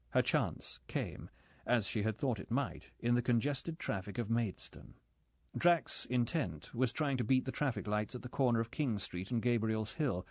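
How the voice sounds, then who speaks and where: A man narrating a spy thriller audiobook in a measured, steady storytelling voice. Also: mid-range voice, no echo. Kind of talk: scripted narration.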